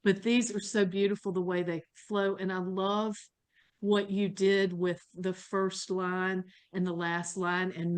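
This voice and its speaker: Effusive woman interviewer. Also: fairly low pitch. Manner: effusive and enthusiastic. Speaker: interviewer at a book launch. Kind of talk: casual conversational interview.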